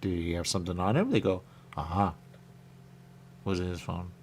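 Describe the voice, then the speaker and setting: A man's voice: low voice, normal speed, slight background noise. A man hosting a radio talk show, rambling casually and thinking aloud with lots of questions.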